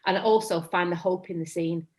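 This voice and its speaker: Her voice sits on the low side and moves at a normal speed. She's a woman in her thirties from England with a Mancunian accent, a guest actor in a relaxed interview who rambles, fixes her own words, and says she tends to sound monotonous.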